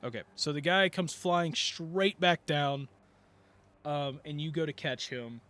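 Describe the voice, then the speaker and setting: A man's voice: on the high side, measured pace, a bit bright. A man narrating a tabletop game as game master, rambling through the scene with many fillers and restarts.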